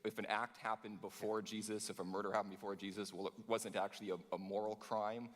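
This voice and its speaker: A man with a very low voice challenges his opponent at a live debate. He asks his questions in quick, uneven bursts. The sound carries the long reverb of a large hall. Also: level tone. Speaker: humanist debater. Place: large conference hall on stage.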